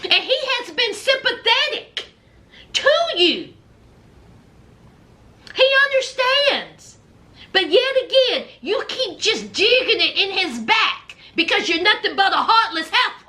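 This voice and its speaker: A woman's voice: extremely high pitch, sing-song, slow, pushed and bright. A woman giving a blunt, sassy reaction recap of a reality show, scolding the people on it. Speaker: reality TV commentator.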